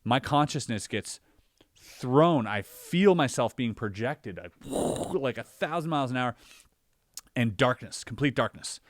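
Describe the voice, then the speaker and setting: A man in a casual podcast conversation, telling a personal story in an animated way, acting out his own reactions with lots of filler words. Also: mid-range voice, a little slow, no room sound, studio quality. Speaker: podcast guest or co-host.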